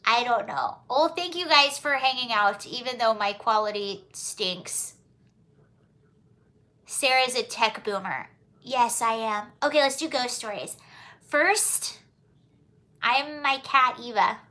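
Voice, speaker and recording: A woman's voice: fairly high pitch, slow, bright, forceful tone. A woman hosting a casual livestream, chatting, reading viewer comments aloud and answering them with giggles and apologies. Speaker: livestream host.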